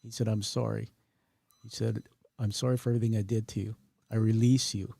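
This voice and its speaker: A man's voice: on the low side, level tone, fairly quick, gravelly, dark tone, husky, dry recording, clean studio sound. A man hosting an interview, earnestly sharing a personal story with his guest. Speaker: podcast host. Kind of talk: emotional interview conversation.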